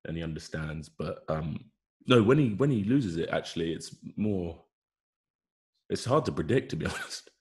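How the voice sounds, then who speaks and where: A man's voice: low voice, lively intonation, moderate pace. A man, a rugby player, chatting in a laid-back way with lots of fillers and trailing thoughts. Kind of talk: casual chat.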